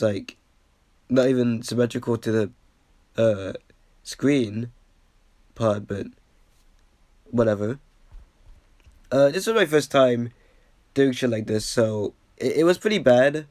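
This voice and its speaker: A man's voice: medium pitch, unhurried, pauses often, darkish tone, dry recording. A slightly sick man giving casual commentary as he reacts to his own old video, rambling with lots of fillers and restarts and poking fun at himself. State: a bit sick.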